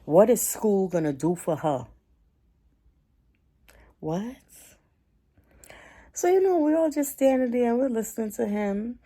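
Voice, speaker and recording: A woman's voice: on the high side, sing-song, measured pace, pauses often, warm tone. A woman, telling a heated storytime rant to camera in a chatty, indignant way. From Caribbean. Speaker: vlogger.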